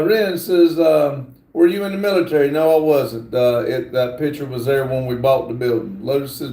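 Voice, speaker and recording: Middle-aged male streamer, gravelly and unhurried, halting and apologetic as he reads viewer comments. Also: on the high side, warm tone. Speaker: livestream host. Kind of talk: casual livestream chat. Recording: roomy echo.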